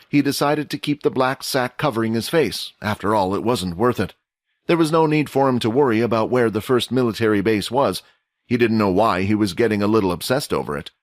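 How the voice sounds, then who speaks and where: A man's voice: mid-range voice, no echo, studio quality. Man narrating a fantasy audio story. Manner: steady storytelling, changing voices for characters.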